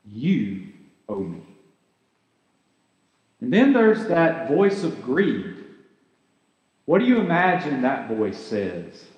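Pastor, man, unhurried earnest sermon delivery, lively pitch, echoey church hall. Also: dull audio. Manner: earnest, conversational preaching with rhetorical questions.

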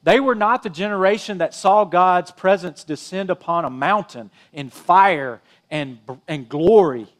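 A middle-aged man with a notably high voice delivers a sermon. He keeps it conversational, full of "you know" asides. His emphasis rises on key phrases and falls to near-hushed endings. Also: measured pace, few pauses. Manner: conversational preaching, rising and dropping emphasis, frequent "you know". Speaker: pastor.

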